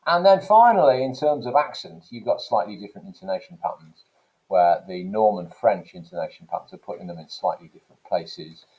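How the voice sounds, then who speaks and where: A man's voice: sits low, expressive, a little fast, a little mellow, poor audio. A man who teaches English, explaining to students and asking them questions along the way. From England. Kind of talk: recorded classroom lesson.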